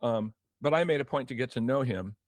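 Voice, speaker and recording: An older man, a former record promotion executive, tells stories as an interview guest, animatedly acting out quoted dialogue with many restarts. His voice is medium-pitched and a little fast, with no echo.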